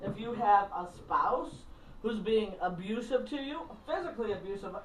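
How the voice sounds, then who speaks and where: A woman's voice: medium pitch, expressive, moderate pace. A middle-aged woman minister and counselor giving a casual, blunt and candid teaching talk to a small group, acting out phone calls. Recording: roomy, distant mic, faint background noise.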